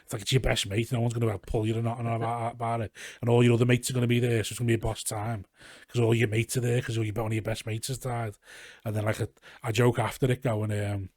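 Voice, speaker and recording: A young man with a Scouse accent talks quickly and loosely, piling up asides and running jokes as he goes. The recording is close and dry, with no room sound around him. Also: mid-range voice, no room sound. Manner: rambling, animated storytelling with swearing. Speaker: comedian guest. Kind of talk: casual podcast chat. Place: garage.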